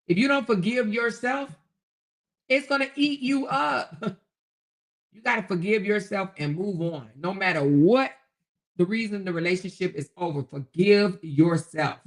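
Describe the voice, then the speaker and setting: A middle-aged woman hosting a casual livestream, reading viewer comments in a folksy way, calling listeners baby and honey and chuckling often. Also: mid-range voice. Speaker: livestream host.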